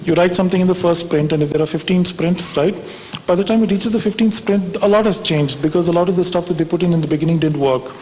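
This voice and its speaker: A man speaks at a quick pace in a high, darkish voice, giving a wry conference talk in a conversational style and often asking the audience "right?". The conference hall is reverberant, and a faint hiss sits under the recording.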